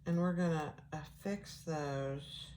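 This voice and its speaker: Woman, low voice, easygoing sewing tutorial host, a slow chatty walkthrough. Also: slight background noise. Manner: relaxed, chatty, thinking aloud while working. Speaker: sewing instructor.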